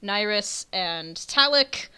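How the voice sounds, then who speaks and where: A woman's voice: mid-range voice, animated, slow, sharp tone, clear, resonant tone. A woman, narrating a tabletop game as game master in a casual way, with lots of fillers. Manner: casual, laughing, filler-heavy.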